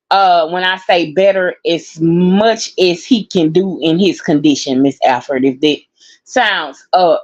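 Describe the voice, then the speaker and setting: A tired woman talking casually to her viewers, rambling and heartfelt, calling them y'all and laughing through her exhaustion. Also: mid-range voice. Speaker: vlogger. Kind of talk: casual personal talk to viewers. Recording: dull lo-fi sound.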